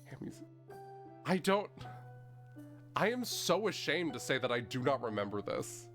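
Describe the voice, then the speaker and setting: A man streaming a game, reading the game's text aloud and rambling in a loose, chatty way, with plenty of filler words and light swearing. His voice sits at a middling pitch, and soft game music plays underneath. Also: big pitch swings, brisk. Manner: rambling, chatty, lots of "like" and restarts, mild swearing. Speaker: streamer playing a video game.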